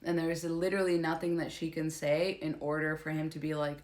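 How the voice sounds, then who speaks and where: A woman's voice: low voice, flat delivery, brisk. A woman giving casual, opinionated commentary, blunt and sarcastic and swearing freely.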